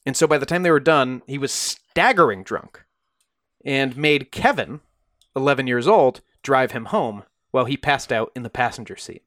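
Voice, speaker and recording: Man, podcast co-host, casual storytelling, mid-pitched voice, dry close sound. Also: moderate pace, a bit bright, no echo. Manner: conversational, acts out quoted voices in bursts. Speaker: podcast co-host telling a true crime story.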